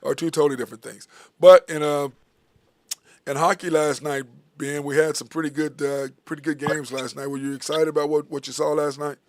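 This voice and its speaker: Animated man hosting sports chat. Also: on the high side, fairly quick, no echo. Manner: animated, laughing, rambling with fillers. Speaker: sports talk show host.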